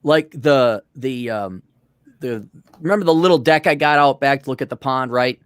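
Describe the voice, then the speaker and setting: A man's voice: mid-range voice, moderate pace, smooth, dry recording. A man co-hosting a casual podcast, telling stories in a profane, ranting way and acting out the people he quotes. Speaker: podcast co-host.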